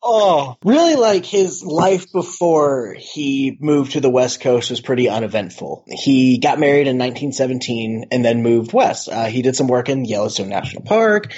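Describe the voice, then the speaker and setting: Podcast host, male, husky, rambling storyteller with filler words. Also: mid-range voice, lively intonation, normal speed, hardly any pauses, darkish tone, highs cut off. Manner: rambling, heavy use of "like". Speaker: podcast host presenting the topic. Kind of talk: casual podcast chat.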